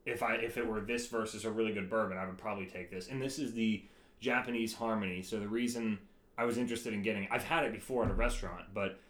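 A man co-hosting a podcast in casual chat, relaxed and laughing often. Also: on the low side, quick pace, echoey room. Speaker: podcast co-host.

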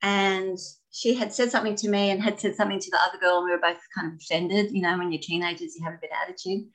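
A woman telling stories about her ballet training in a casual interview, animated and laughing often. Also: medium pitch, fast talker, rough recording. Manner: animated, laughing, expressive storyteller. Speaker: guest, former ballet dancer.

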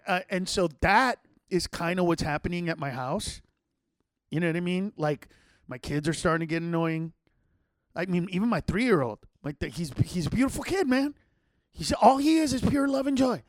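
A podcast host with a strikingly high-pitched voice records from his home setup, the sound close and dry with no room echo. At a normal speed, he spins casual stories for listeners in a loose, animated style, cursing freely and slipping into other people's voices to act out what they said.

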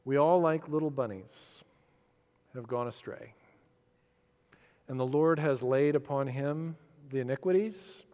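A middle-aged man preaching a sermon, earnest and reflective, his voice swelling with feeling and then dropping soft. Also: medium pitch, big-room sound. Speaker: pastor.

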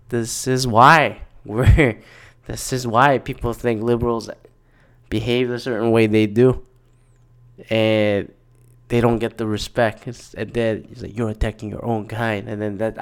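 A man's voice: fairly low pitch, smooth. A man talking in a casual, rambling monologue, exasperated and profane, often restarting his sentences.

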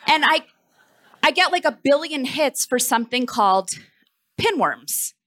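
A woman with a slightly high, bright and forceful voice tells a funny personal story to a live audience. She is confessional and self-mocking, and she lets her words tumble out in quick rushes as the story heats up. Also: animated. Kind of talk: live comic storytelling performance. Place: festival stage.

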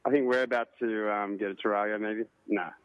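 A man's voice: lowish voice, steady tone, fairly quick, clear, resonant tone, no echo, muffled recording. A man co-hosting a podcast, joining by phone from a pub and telling a rambling story with frequent laughs. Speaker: podcast co-host. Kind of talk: casual chat.

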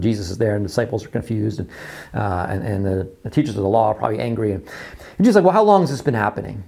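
A man preaching a sermon, repeating his phrases and acting out quoted voices, dropping to quiet lows. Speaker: pastor.

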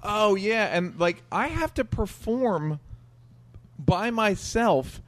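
A man's voice: high-pitched, big pitch swings, slow. A man comedian co-hosting a casual chat, telling stories emphatically and swearing freely. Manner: emphatic, profane storytelling. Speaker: comedian co-host.

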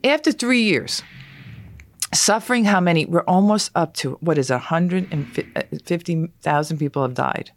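A woman's voice: fairly low pitch, normal speed, no room sound. A middle-aged American woman in casual chat, talking in a heated, indignant way with many restarts. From United States.

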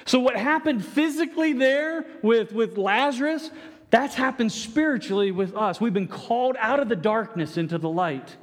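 Guy preaching in a big echoey hall, high voice, keeps restarting his words. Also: lively intonation, moderate pace. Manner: earnest, stammering restarts, acts out quoted lines. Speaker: pastor. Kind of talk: sermon.

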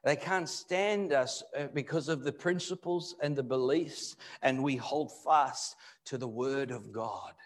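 A male pastor giving a live sermon in church, moving between loud emphatic bursts and low, quiet asides. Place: church hall.

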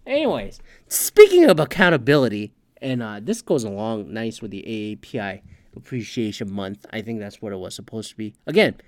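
A man's voice: lowish voice, sing-song, brisk, a little mellow, no echo. A man hosting a podcast, ranting in heated, profane, sarcastic casual commentary. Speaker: podcast host.

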